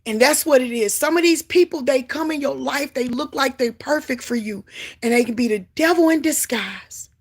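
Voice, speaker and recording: A woman sharing a Christian testimony in a preaching style, fervent and emphatic, swinging between loud exclamations and low asides. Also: moderate pace. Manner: emphatic repetition.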